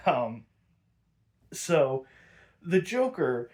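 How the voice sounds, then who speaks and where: A man's voice: on the high side, unhurried, a little mellow. A man hosting a podcast, casually recapping a cartoon episode in a chatty, filler-heavy way. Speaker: podcast host.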